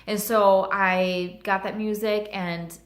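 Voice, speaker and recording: A woman's voice: medium pitch, level tone, slow pace, roomy sound. A woman in her thirties telling a personal story in a vlog, earnest and heartfelt, with lots of "like". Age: 30s. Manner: earnest and heartfelt, many fillers of "like". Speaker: vlogger.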